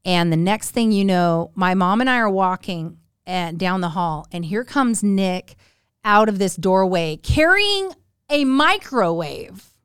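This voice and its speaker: A woman's voice: mid-range voice, lively intonation, a little slow, clean tone, dry recording, clean studio sound. A woman in her forties telling family stories in a casual chat, acting out the people she quotes with big jumps in her voice. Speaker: podcast guest. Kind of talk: casual storytelling.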